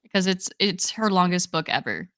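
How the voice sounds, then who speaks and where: Young woman, bright tone, dry close sound, chatty podcast co-host. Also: lowish voice, animated, normal speed, dry recording. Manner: chatty, enthusiastic, many "like"s. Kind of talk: casual chat.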